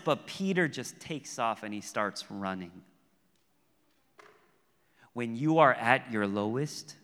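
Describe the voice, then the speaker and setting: A man preaching a sermon as pastor, earnest, moving between raised emphasis and hushed, intimate appeals. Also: mid-range voice, clear, resonant tone. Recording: long hall reverb.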